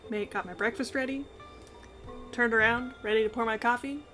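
A woman's voice: a little high, steady tone, normal speed, bright, forceful tone. A woman streaming a video game, chatty and self-mocking, laughing at herself. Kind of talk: casual gameplay commentary. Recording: game music underneath. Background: game music.

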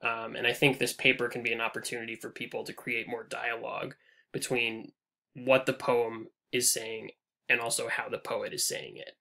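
A man teaching a recorded online lecture over slides, casual and full of "um"s, his phrases trailing off quietly at the ends. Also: medium pitch, level tone, normal speed, creaky. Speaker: English instructor.

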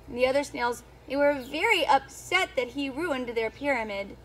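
A woman who is a children's storyteller, reading a picture book aloud to young children in an animated teacher's voice that keeps asking them questions. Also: high voice, normal speed, few pauses, a little hiss or hum. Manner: animated, sing-song teacher talk with questions to the kids.

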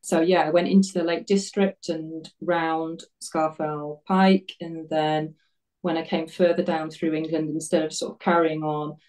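Chatty woman guest, low and mellow, distant-sounding. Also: little pitch movement, measured pace. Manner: chatty, self-deprecating, laughs often. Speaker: interview guest, runner. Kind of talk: casual interview chat.

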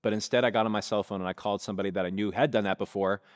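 A man's voice: fairly low pitch, fairly even intonation, rapid-fire. A male pastor preaching a sermon, telling a story vividly and speaking directly to his congregation, in a church sanctuary on a stage mic. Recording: long reverb of a church hall.

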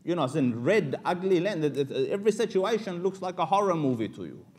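A man's voice: high voice, sing-song, brisk, darkish tone, husky. A man teaching an Islamic lecture in a loose, conversational way, full of fillers and Arabic phrases.

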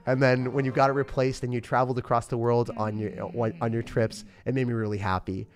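A man's voice: mid-range voice, little pitch movement, fast. A young man chatting casually and upbeat on a live game stream, rambling with lots of fillers. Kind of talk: casual live-stream chat while gaming.

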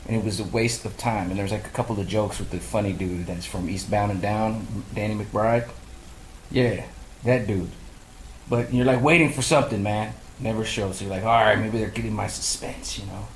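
A man's voice: lowish voice, normal speed, reverberant, a little hiss or hum, low-quality recording. A man casually ranting in a movie review, swearing freely and acting out his own reactions. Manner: profane, animated storytelling, mimics his own reactions. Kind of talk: casual rant.

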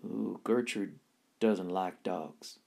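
A man reading aloud voices a shy, hesitant shop clerk who stammers and speaks slowly. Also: sits low, vocal fry, pitched below the performer's own voice, exaggerated voice. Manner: hesitant, stammering, slow and quiet.

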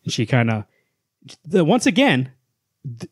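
A man co-hosting a comics podcast, retelling a story with lively energy and putting on voices for the characters he quotes. His voice sits at a middle pitch and is recorded close and dry. It sounds like friends chatting around a table. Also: unhurried, long pauses, husky, no room sound. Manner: animated storyteller, acts out lines from panels. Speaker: podcast co-host. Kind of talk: casual chat, recapping a comic.

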